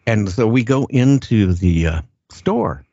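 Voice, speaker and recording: An older man with a very low voice tells his story in a plain, earnest way. He stops and restarts, often repeating words as he goes. The sound is dull and lo-fi and very dry, with no room around it. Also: expressive, slow pace, mellow, no room sound. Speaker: guest recounting an encounter. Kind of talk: casual first-person storytelling.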